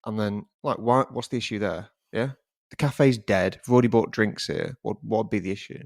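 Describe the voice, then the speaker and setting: A man's voice: lowish voice, a little fast, vocal fry, no echo, clean studio sound. A young man, co-hosting a podcast and telling a story animatedly, swearing casually and acting out other people's voices. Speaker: podcast co-host.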